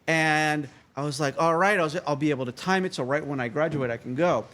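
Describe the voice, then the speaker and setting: American man, 30s, slightly high voice, animated joking storyteller, interview guest. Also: brisk. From United States.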